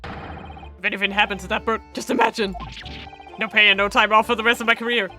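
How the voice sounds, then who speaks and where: A woman reading out the lines of a put-upon male police inspector in a gruff, grumbling voice, a little lower than her own. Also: level tone, fairly quick, bright, forceful tone, faint music behind, lightly acted.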